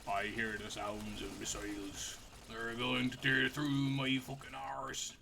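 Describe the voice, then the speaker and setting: A man's voice: medium pitch, monotone, a little slow, gravelly, noisy background. A man streaming a game, chatting casually, joking, swearing and laughing often. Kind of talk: casual gaming commentary.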